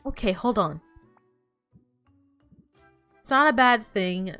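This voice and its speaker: A woman's voice: fairly high pitch, animated, slow pace, bright, forceful tone, smooth. A young woman streaming a game, chatting casually, laughing often and swearing as she tells stories. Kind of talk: casual gameplay chat. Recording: faint background music.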